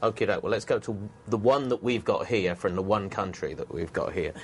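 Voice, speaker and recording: A man hosting a panel discussion, putting brisk, informal questions to his guests. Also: lowish voice, slight background noise. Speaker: host.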